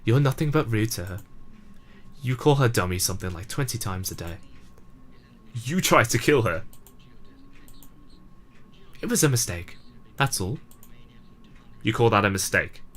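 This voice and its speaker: A man's voice: lowish voice, lively intonation, moderate pace, long pauses, fairly bright tone. A man voicing the player character in a fan reading of a game, blunt and accusing.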